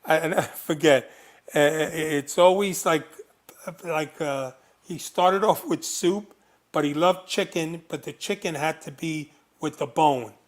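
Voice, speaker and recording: A man telling stories as a guest in an interview, animated and full of fillers. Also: on the high side, measured pace. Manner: animated anecdotes, frequent fillers. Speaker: guest, former undercover agent. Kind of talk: storytelling interview.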